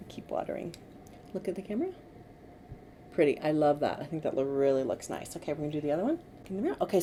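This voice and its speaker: A middle-aged woman working as a makeup artist, giving gentle, coaxing instructions to a client during a tutorial. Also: on the low side. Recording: faint background noise.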